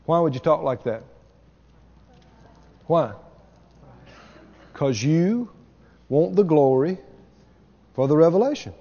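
A man's voice: a little high, lively intonation, slow pace, long pauses, mellow, in a large hall, highs cut off. A man preaching a sermon to a congregation, asking them questions as he goes. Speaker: pastor.

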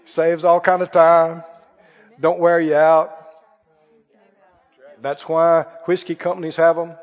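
A man with a high voice preaches a folksy, joking sermon. His delivery carries a long, ringing reverb from a church hall. The recording sounds dull and lo-fi. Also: little pitch movement, takes it slowly. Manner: folksy, joking, mimics critics with mock wails.

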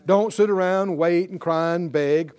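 A man's voice: high-pitched, a little slow, a little mellow, clear, resonant tone. A man teaching a Bible class in a sermon style, punchy and exhorting, with call-and-response.

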